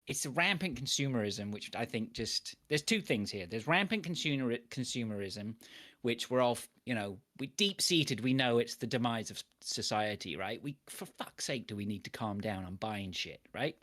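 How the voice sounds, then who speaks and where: A man co-hosting a casual gaming podcast, ranting in an animated way with frequent restarts. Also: mid-range voice, moderate pace. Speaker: podcast co-host. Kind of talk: casual chat.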